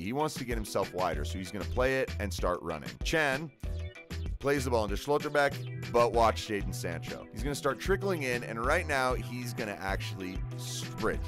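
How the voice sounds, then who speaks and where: A man with a fairly low voice narrates a tactical breakdown of a football match. His tone is conversational and explanatory, rising with energy at the key moments. Faint music plays quietly beneath the narration.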